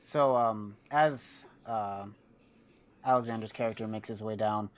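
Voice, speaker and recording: A man's voice: fairly low pitch, a little slow. A man narrating as game master of a tabletop game, rambling with many ums and uhs.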